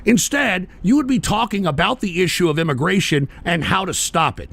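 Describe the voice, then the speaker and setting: A man hosting a political talk radio show, ranting angrily and profanely at the listeners, sometimes shouting. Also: high voice, animated, a little fast, creaky. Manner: mocking voices of people he derides.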